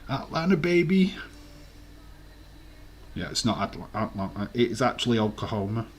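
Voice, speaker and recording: A man's voice: fairly low pitch, steady tone, fast talker, a little hiss or hum. A man hosting a casual quiz live stream, reading out viewers' answers and swearing now and then.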